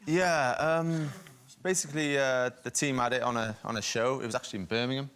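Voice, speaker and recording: A man's voice: mid-range voice, brisk, fairly bright tone. A man from Wales speaking as a chat show guest in a TV studio, laid-back and plain-spoken. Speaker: cyclist guest. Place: TV studio with live audience.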